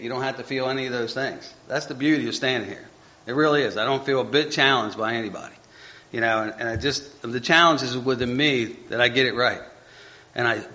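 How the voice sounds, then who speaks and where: Bright-voiced man rambling through a Bible study. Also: medium pitch. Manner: rambling, self-correcting, stumbles over names. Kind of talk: informal Bible study talk. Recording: dull lo-fi recording.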